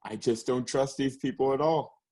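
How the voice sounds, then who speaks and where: A man's voice: medium pitch, normal speed, mellow, slightly rough. A young man co-hosting a podcast in casual chat, rambling and profane, laughing often. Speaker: podcast co-host.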